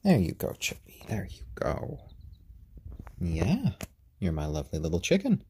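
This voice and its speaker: A tired man hosting a casual live stream from home, talking gently and unhurriedly, often cooing to a chick. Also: deep voice, huge pitch swings, measured pace, a little hiss or hum. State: tired after a long workday. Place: at home, indoors.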